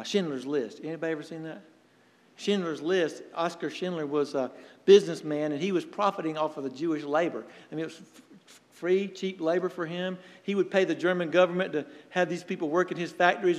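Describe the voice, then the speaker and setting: A man preaching with a high, ringing voice that carries through a hall with a long reverb tail. He speaks earnestly, tells stories to make his point, and lets dramatic pauses hang. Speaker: pastor. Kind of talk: sermon.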